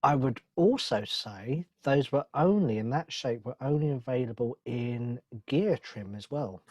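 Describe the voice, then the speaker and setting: A man's voice: mid-range voice, animated, measured pace, darkish tone, no echo, highs cut off. A man co-hosting a car show, chiming in briefly with casual remarks. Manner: short agreeing interjections, laughs. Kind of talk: casual chat.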